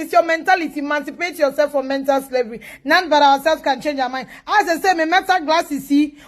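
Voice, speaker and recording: A woman with a Ghanaian accent in a blunt, preachy casual monologue that switches between pidgin and Twi. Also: sits high.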